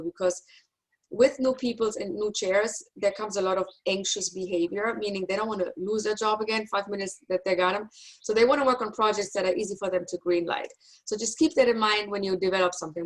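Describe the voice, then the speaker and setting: A woman's voice: medium pitch, poor audio. Chatty woman with a German accent. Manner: chatty, self-deprecating, reassuring. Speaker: university instructor. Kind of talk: online class lecture. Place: home office on a video call. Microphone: video call.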